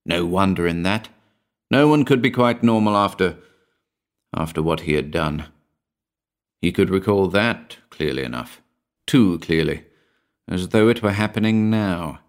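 Deep-voiced male storyteller. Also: a little slow, long pauses. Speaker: narrator. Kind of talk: storybook narration.

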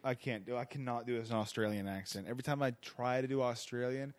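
A male comedian guesting on a podcast, chatting casually with crude jokes and quick mock accents. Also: medium pitch, dry recording. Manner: crude, jokey, slips into mock British voices. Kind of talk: casual chat.

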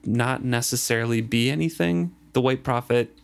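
A man's voice: on the low side, unhurried. A man co-hosting a casual book discussion, reading passages and thoughtfully explaining the plot.

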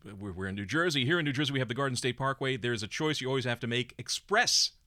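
Brief: male podcast co-host, bright tone, playful and joking. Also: mid-range voice, fast talker, no room sound, clean studio sound. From United States. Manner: joking, playful back-and-forth. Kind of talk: casual chat.

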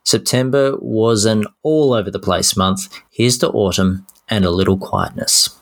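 A man's voice: fairly low pitch, unhurried. A man co-hosting a podcast, cheerfully reading out listener messages with self-deprecating asides. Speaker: podcast co-host.

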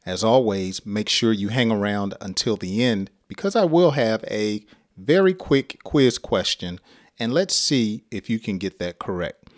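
An American man teaching an English lesson, speaking slowly and deliberately with light chuckles. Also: on the low side, big pitch swings. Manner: slow, deliberate and clearly spoken, with light chuckles.

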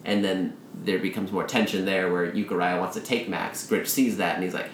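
A man in casual chat who rambles through a story pitch and acts out the characters' lines in quick asides. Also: steady tone, reverberant, slight background noise.

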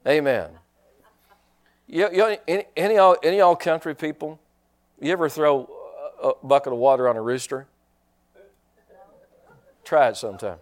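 A man's voice: fairly high pitch, moderate pace, long pauses. A man preaching a sermon in a folksy, joking way, restarting his sentences often. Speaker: pastor.

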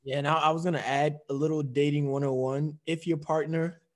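Higher-voiced man hosting a podcast. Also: steady tone, brisk. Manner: direct, leads topics with questions. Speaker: podcast host. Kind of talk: casual podcast chat.

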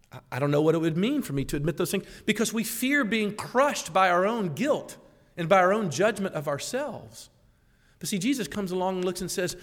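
A man preaching a sermon as a pastor, animated, acting out the voices he quotes and laughing at himself. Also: high-pitched. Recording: long hall reverb.

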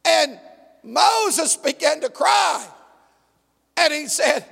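High-voiced, gravelly preacher shouting a sermon. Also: male voice, animated, very slow, pauses often, in a large hall. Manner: emphatic, often shouting, call-and-response. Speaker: pastor.

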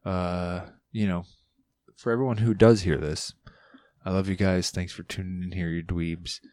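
A man's voice: low-pitched, level tone, normal speed, a little mellow, no echo. A man hosting his own podcast, rambling loosely and swearing casually, with playful asides. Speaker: podcast host. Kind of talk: casual solo podcast chat.

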